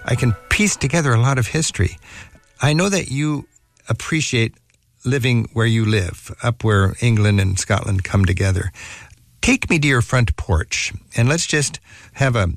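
Gravelly-voiced male radio travel host. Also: mid-range voice, lively intonation, moderate pace, dry recording, studio quality. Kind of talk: radio interview.

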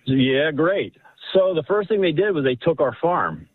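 A man calling in to a radio show, telling a family story in an animated, rambling way with many restarts. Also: fairly high pitch, unhurried, no room sound. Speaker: caller. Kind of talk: casual storytelling on a phone-in. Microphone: telephone. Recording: husky voice over a tinny phone line.

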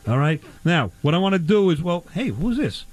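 A man's voice: a little high, sing-song, moderate pace, low-quality recording. A man bantering in a comic barbecue bit, rambling and playing clueless in a boisterous, joking way. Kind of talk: comedic improvised banter.

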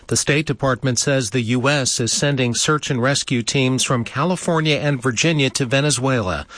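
A man's voice: mid-range voice, no room sound. Dry-voiced male newscaster. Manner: measured, even newsreading. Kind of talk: news bulletin reading. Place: studio.

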